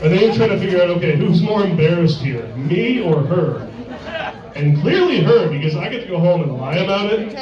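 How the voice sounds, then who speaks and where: A man's voice: sits high, lively intonation, fairly quick. A man doing a stand-up comedy set in a sports bar, crude and rambling, full of filler words. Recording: echoey bar, distant dull mic, crowd.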